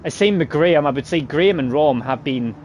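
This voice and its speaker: Man, race commentator, chatty, fairly high voice, background noise. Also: lively intonation, darkish tone. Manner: chatty, laughing, quick self-corrections. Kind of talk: sim racing commentary.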